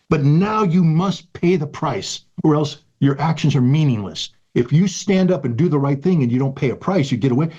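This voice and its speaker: A man's voice: fairly high pitch, warm tone, breathy edge, lo-fi sound. A man in his sixties in an interview, telling a personal story in an earnest, emphatic way and repeating key phrases. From United States. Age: 60s. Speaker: guest.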